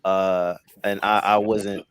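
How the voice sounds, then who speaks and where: A man on a casual podcast panel, explaining his film rankings in a halting way, repeating words and leaning on fillers. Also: low voice, little pitch movement, clean tone, dry recording.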